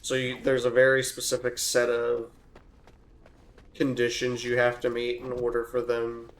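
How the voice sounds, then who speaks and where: A man's voice: mid-range voice, normal speed. Rambling young man narrating gameplay. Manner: rambling, thinks aloud with restarts, gets loud and excited in fights. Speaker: let's play gamer. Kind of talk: casual gameplay commentary.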